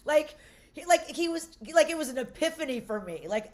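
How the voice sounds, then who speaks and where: Brash comedian in her forties, slightly high voice, swears freely and jumps between characters in her stories. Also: moderate pace. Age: 40s. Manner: brash, profane, animated storytelling with acted-out voices. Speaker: comedian guest. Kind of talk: casual podcast chat, storytelling.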